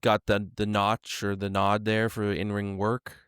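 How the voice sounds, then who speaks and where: A man's voice: fairly low pitch, completely flat delivery, a little slow, fairly bright tone, smooth, dry recording, clean studio sound. A man co-hosting a podcast in casual chat, tossing in wry joking asides. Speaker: podcast co-host.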